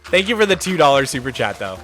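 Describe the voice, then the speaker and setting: A man chatting casually on a game livestream, answering viewers' questions and thanking donors in a bright, clear voice. His pitch is a touch high for a man and swings a lot as he talks. Faint music plays underneath. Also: sing-song, quick pace. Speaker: streamer.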